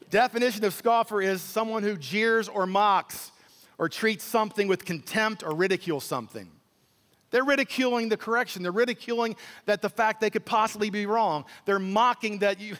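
Male pastor, high-pitched, emphatic preacher who repeats words and acts out voices, long hall reverb. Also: animated, normal speed, a bit bright. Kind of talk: sermon.

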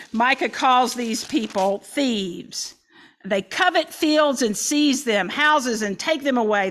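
High-voiced woman preaching a sermon. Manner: lively, dramatic scripture reading with folksy asides. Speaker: pastor.

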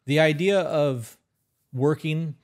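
A man's voice: a little high, takes it slowly. A man co-hosting a podcast in casual chat, blunt and swearing freely. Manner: blunt, profane. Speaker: podcast co-host.

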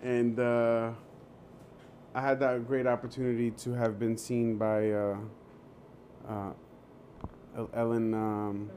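Man with a dark, mellow voice. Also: medium pitch, slow pace, long pauses, slight background noise. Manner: animated, loose, swears freely, acts out quoted dialogue. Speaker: actor, guest. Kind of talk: casual storytelling.

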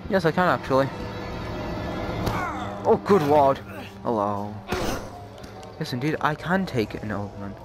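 A man's voice: medium pitch, lively intonation, moderate pace, over music. A man casually commenting while playing a horror game, chatty and jokey. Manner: chatty, jokey, easily startled. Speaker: gamer.

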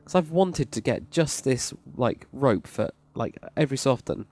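A man's voice: mid-range voice, lively intonation, normal speed, a little mellow, no echo. A man giving casual, enthusiastic, rambling commentary while touring a game build. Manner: enthusiastic, rambling, praises freely. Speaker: Minecraft server plot reviewer. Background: faint background music.

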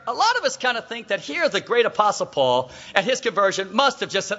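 A man's voice: sits high, a little fast, hardly any pauses, long reverb tail, dull audio. A man preaching a sermon, telling stories with great animation, acting out the voices of people in them and calling out to his listeners. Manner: animated storytelling preacher, acts out voices, calls out to the crowd.

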